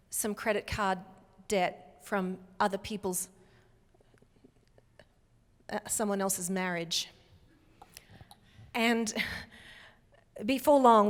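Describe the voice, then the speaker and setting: Woman keynote speaker, measured and deliberate, clearly enunciated, long hall echo. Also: mid-range voice. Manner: slow, emphatic, clearly enunciated delivery. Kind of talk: motivational keynote talk. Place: large hall before a live audience.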